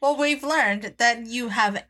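A woman's voice: fairly high pitch, takes it slowly, bright, forceful tone. A woman co-hosting a podcast in casual chat, playful, laughing often and swearing freely. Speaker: podcast co-host.

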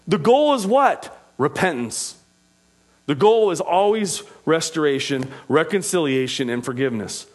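A man preaching a sermon as pastor, with passionate delivery that rises to loud, emphatic peaks. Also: on the high side.

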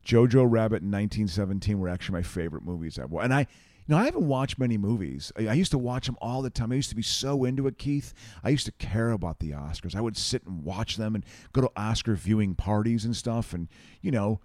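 A man with a low voice talks loosely and at length, looping back over his words and laughing easily. The sound is dry and close, with no room around it. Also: expressive, fast, darkish tone, no echo. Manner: rambling, restarts often, laughs easily. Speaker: podcast co-host. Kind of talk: casual chat while watching an awards show.

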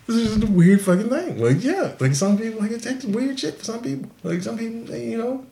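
A man hosting a podcast, telling a crude story in a profane, animated way and laughing often. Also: very high voice, brisk. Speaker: podcast host. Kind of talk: casual storytelling.

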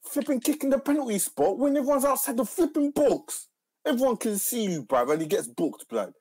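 A man's voice: very high-pitched, very animated, brisk, a little mellow, no room sound. A man with a London accent arguing about football, using slang and pressing the same questions. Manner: slangy, insistent, repeats questions. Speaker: football pundit. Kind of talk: heated football argument.

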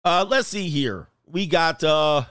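A man's voice: a little high, lively intonation, takes it slowly, a bit bright, clean tone, no echo, clean studio sound. A man hosting a casual livestream, joking and laughing as he reads out viewer comments. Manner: joking, laughs often, slangy. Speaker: show host.

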